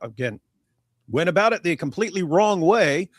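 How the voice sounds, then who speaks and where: A man's voice: a little high, lively intonation, normal speed, dry recording. A man commenting on a live stream, his voice dry and close with no room sound. He talks emphatically, with a mocking edge now and then. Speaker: co-host.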